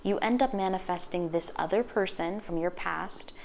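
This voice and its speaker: A woman giving a casual tarot reading, chatty and sassy, swearing freely and tossing off quick acted asides. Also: on the low side, creaky, darkish tone, slight background noise. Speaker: tarot reader.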